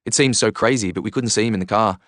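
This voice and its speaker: A man reading a first-person novel aloud in earnest, measured storytelling. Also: lowish voice, a bit bright, no room sound, clean studio sound. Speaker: reader. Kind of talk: audiobook narration.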